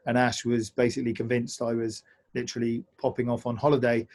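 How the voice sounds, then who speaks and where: A man's voice: mid-range voice, completely flat delivery, fast, a little mellow. A man from England co-hosting an online adventure talk over a video call, telling stories in an easygoing, self-deprecating way with many fillers. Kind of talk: casual storytelling presentation over a video call.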